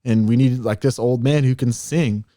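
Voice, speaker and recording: A man's voice: mid-range voice, moderate pace, no room sound, clean studio sound. A man co-hosting a podcast, telling stories in casual chat and acting out quoted lines. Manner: animated storytelling, acts out quotes. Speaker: podcast co-host.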